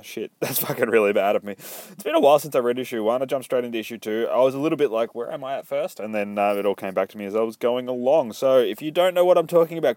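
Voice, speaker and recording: A man's voice: medium pitch, a little mellow, no room sound, studio quality. Rambling, swearing man. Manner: rambling, swears a lot, laughs between thoughts. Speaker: comic book reviewer. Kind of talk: casual profane review vlog.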